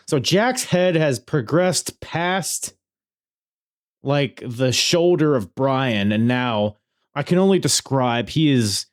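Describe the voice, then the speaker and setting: Male podcast host, mid-pitched, excitable, casual and profane while recapping matches. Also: slow pace. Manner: excitable, swears freely, laughs while telling. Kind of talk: casual wrestling review.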